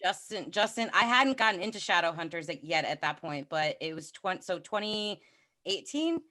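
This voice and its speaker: A woman with a New York accent, telling stories in lively casual chat on a livestream. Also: lowish voice, moderate pace. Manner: lively, chatty storytelling. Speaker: content creator on a livestream.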